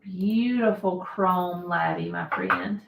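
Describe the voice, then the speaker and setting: A woman's voice: lowish voice, takes it slowly, vocal fry, background noise. A woman hosting a casual live stream, chatting and laughing often as she answers viewer comments. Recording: roomy echo.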